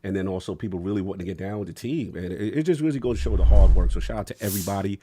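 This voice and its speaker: Male podcast host, low-ish voice, energetic slangy banter, faint noise. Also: rapid-fire. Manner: hyped, slangy, laughs a lot. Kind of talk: casual gaming podcast chat.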